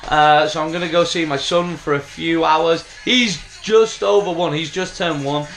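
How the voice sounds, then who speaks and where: A young man talking in a relaxed, rambling way about his day as a lifting coach, with many "uh" fillers. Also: on the high side, moderate pace. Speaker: powerlifting coach and vlogger. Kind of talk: casual vlog chat and voice-over.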